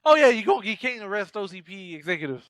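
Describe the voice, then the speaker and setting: A man with a high voice talks over a dry, close microphone in a casual podcast chat. He tells behind-the-scenes stories in a jokey, chatty way and acts out the characters' lines. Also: big pitch swings, fast, a bit bright, dry recording. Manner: jokey, chatty, shares trivia, acts out quotes. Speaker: podcast co-host. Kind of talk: casual film recap chat.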